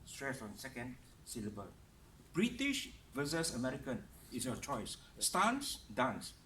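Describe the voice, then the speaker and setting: A man giving a pronunciation lesson, slowly stressing each word and sound with care. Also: mid-range voice, sing-song, a bit bright, echoey room. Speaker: speaking coach. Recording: distant mic with faint room noise.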